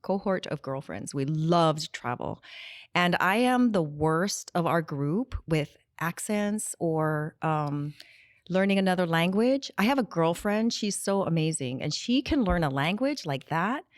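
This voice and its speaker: A woman's voice: lowish voice, animated, measured pace, dry recording, studio quality. A middle-aged woman chatting as a guest on a podcast. She laughs often and wanders off on tangents. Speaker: interview guest, nonprofit director. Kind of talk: casual podcast conversation. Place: podcast studio.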